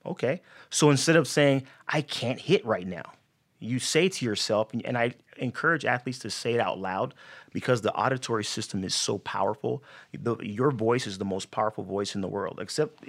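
A man's voice: medium pitch, moderate pace, fairly bright tone. A man on a podcast explaining mental reframing for athletes, talking casually and acting out players' inner voices. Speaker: sports psychology guest.

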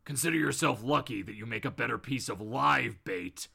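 A man putting on a low, slow, threatening voice for a grim male vigilante. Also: creaky, sharp tone, slightly rough, full character voice. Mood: menacing.

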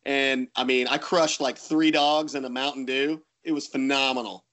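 A man co-hosting a podcast, telling stories in casual chat with animated, self-mocking humor. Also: mid-range voice, normal speed. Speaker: podcast co-host.

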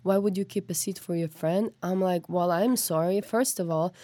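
A woman telling a story as a podcast guest, acting out quotes in a higher voice. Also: moderate pace, no room sound. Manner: animated, acts out quotes with rising pitch. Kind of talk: casual storytelling.

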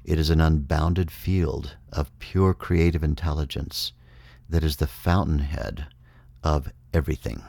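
A man giving a measured, reflective spiritual talk, explaining ideas step by step. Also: rumbling low, steady tone, creaky, mellow, no room sound, studio quality. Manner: measured, explanatory, acts out inner voices. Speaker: speaker on consciousness.

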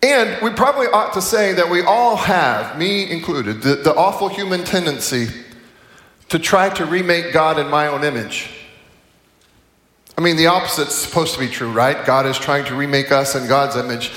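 A man's voice: fairly high pitch, expressive, normal speed, a bit bright. Middle-aged man preaching in an echoey hall. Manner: conversational, self-correcting, humorous asides. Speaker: chapel speaker. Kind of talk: sermon. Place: large chapel hall. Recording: echoey hall, distant mic.

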